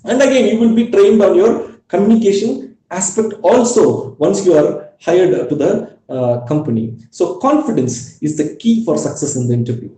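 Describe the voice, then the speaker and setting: A man with a Tamil-influenced Indian English accent gives a career lecture over a webinar. He speaks in a fairly high, mellow voice, earnest and repetitive, with many filler pauses. The room around him sounds echoey. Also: animated. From Tamil Nadu, India.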